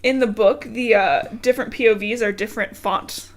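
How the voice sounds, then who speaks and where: A woman's voice: on the high side, steady tone, moderate pace. A woman co-hosting a podcast, chatting casually about a book in a teasing way and laughing often. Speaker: podcast co-host.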